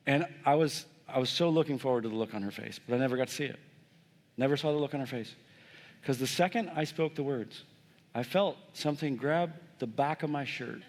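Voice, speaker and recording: A male pastor preaching from the pulpit, mid-pitched and conversational, with a self-deprecating storyteller's touch. He turns to the congregation with quick questions. His voice rings out with a long church echo. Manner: lively, self-mocking, addresses the congregation directly. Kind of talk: sermon with personal storytelling. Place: church sanctuary.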